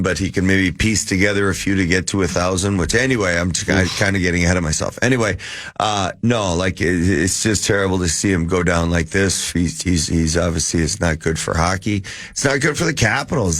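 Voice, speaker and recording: A man's voice: deep voice, moderate pace, fairly bright tone, no echo, studio quality. A middle-aged man, a former hockey player, co-hosting a casual sports radio chat and rambling with many restarts.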